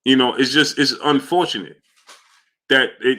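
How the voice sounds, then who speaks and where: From New York, a man hosts a casual boxing livestream, reading super chats and shouting out viewers by name in loud bursts. His voice is mid-range, and he speaks at normal speed.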